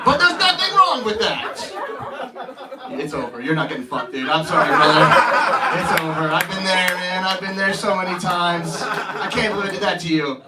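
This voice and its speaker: A stand-up comedian in his thirties, with a high voice and a brisk delivery, does brash, teasing, profane crowd work on a club stage. The recording is very noisy, picked up from a distant mic with a crowd laughing loudly.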